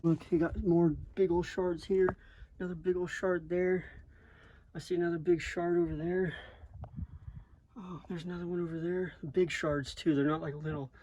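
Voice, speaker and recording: A hiking vlogger crawls through a cramped desert rock cave, straining and exclaiming excitedly in wonder as he narrates casually into the handheld camera he films with. His voice is high-pitched and his pace moderate, with slight background noise.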